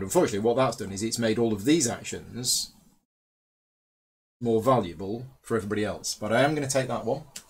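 A man's voice: mid-range voice, husky. A man hosting a board game playthrough, patiently explaining the rules and his own moves to the other players. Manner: patient, guiding other players through actions.

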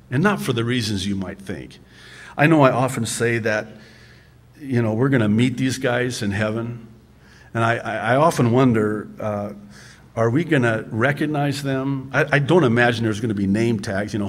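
A man's voice: on the low side, normal speed, slightly rough. A male pastor preaching a sermon in a conversational, humorous way, often restarting his sentences with a stammer.

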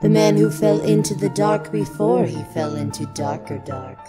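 A woman voicing a cryptic hooded river ferry monster who talks in slow riddles and sing-song nonsense. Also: mid-range voice, lively intonation, lightly acted. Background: music.

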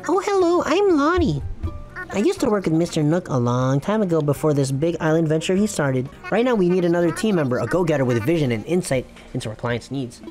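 A man's voice: very animated, fairly quick, darkish tone, faint music behind. A man voicing a cheerful young female otter office manager while reading game dialogue aloud. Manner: bubbly, businesslike sales pitch.

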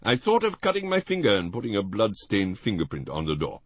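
Elderly detective, theatrical, precise, read by a man, lively, dry sound. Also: fairly low pitch, a little fast, dry recording, lo-fi sound, voice pushed up. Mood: teasing. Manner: precise, theatrical, with French phrases. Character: fussy elderly male Belgian detective, playful.

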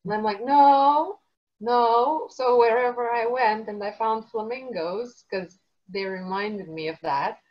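A woman's voice: mid-range voice, moderate pace. A woman guest telling a personal story in a chatty, casual way. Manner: anecdotal, chatty. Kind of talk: casual chat. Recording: dull lo-fi audio.

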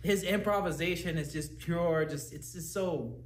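A man's voice: fairly high pitch, normal speed. A man co-hosting a casual chat, telling stories eagerly and gushing about people he admires. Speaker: podcast co-host. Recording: roomy echo, faint background hum.

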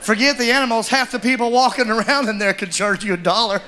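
A man doing a stand-up comedy set, drawling and animated. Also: high voice, quick pace. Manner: drawling storyteller, animated and loud, mimics characters. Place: comedy club stage with live audience. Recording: live club recording, audience noise.

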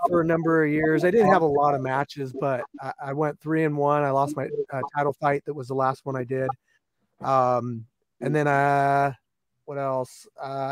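A man with a fairly high voice talks easily about his fighting past as a guest. His stories come out loose and chatty, and his sound is dry and close. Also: no room sound. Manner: easygoing, chatty storytelling. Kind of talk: casual interview.

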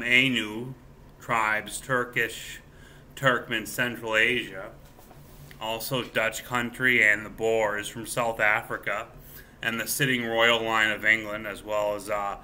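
A man talking alone in a rambling monologue, halting often with filler pauses. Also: on the low side, pushed and bright, slight background noise.

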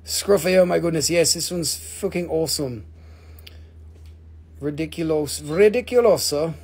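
High, husky man auctioning live. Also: measured pace. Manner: excitable, joking, swears freely. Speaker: live-stream crystal seller. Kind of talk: casual live-stream auction chat.

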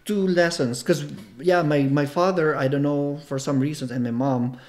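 A man with a Filipino accent, a podcast guest answering quick questions casually, hesitant with many restarts. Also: fairly high pitch, steady tone, a little mellow. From Philippines. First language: Tagalog.

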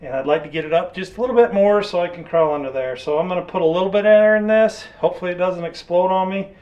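The audio is dull, and the man speaks quickly in a high-pitched voice with a darkish tone. A mechanic vlogger, he works on an old truck in a garage and outdoor yard, offering practical, dryly joking shop talk to the camera in an easygoing way.

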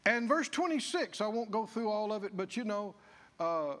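Male pastor, folksy sermon delivery, high animated voice. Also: moderate pace, long reverb tail. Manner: folksy, acts out the people's grumbling in character voices. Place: church.

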